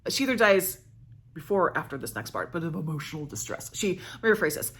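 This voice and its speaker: A woman's voice: low voice, sing-song, quick pace, slightly rough. A woman vlogger casually summarizing a plot, chatty and correcting herself as she goes. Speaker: book vlogger.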